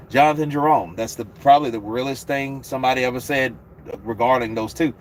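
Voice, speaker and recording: A laid-back man hosts a boxing livestream, reading out chat and joking around with plenty of swearing. His voice sits in a middle pitch, with faint background noise in the recording. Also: fairly even intonation, brisk. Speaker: host.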